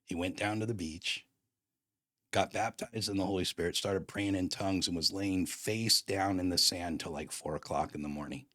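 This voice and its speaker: Low-voiced guy on a podcast telling a long story, animated, says dude a lot. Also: normal speed, dry recording, studio quality. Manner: animated, emphatic, surfer slang like "dude". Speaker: podcast host. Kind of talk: casual personal storytelling.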